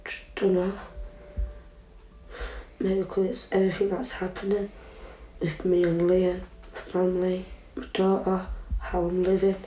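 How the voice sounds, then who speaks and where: A young woman with an English accent, talking in a plain, subdued, halting way in an interview and reading her own words aloud. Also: lowish voice, completely flat delivery, dark tone, echoey room, faint music behind, low-quality recording.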